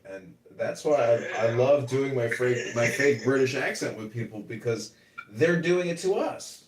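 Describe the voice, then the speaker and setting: Animated, profane man chatting casually. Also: medium pitch, moderate pace, recorded from a distance, a little hiss or hum. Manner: profane, rambling, mocking. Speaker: podcast host and political candidate. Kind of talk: casual chat. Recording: roomy room, away from the mic.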